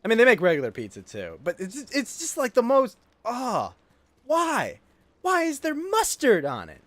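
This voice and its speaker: A man's voice: very high voice, huge pitch swings, normal speed, fairly bright tone, no echo. A man, ranting and swearing during a casual livestream chat while gaming. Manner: ranting, exasperated, swears freely. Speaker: streamer.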